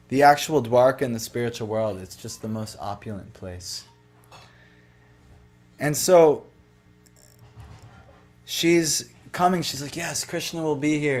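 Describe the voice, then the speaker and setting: Male devotional speaker, casual storyteller, mid-pitched, chatty and loose, heavy on filler words. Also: slow pace, pauses often, a little mellow, faint music behind. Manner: loose, conversational, lots of "like" and "you know".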